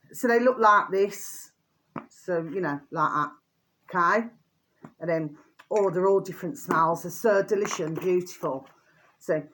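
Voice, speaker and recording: A woman's voice: on the low side, fairly bright tone, a little hiss or hum. An older woman chatting casually in a show-and-tell vlog, doting and rambling, full of fillers and repeated pet names. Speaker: vlogger.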